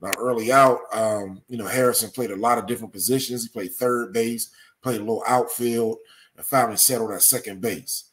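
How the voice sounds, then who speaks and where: A man hosting a sports history talk show, speaking in a measured way with lots of ums and uhs. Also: medium pitch, steady tone, a bit bright. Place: studio or home setup.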